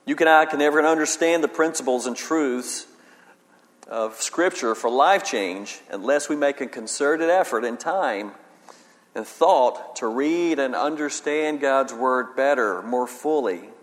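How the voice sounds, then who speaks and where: A man preaching a sermon as a pastor, reading scripture slowly with emphasis and then explaining it in plain talk. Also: mid-range voice, animated. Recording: long hall reverb.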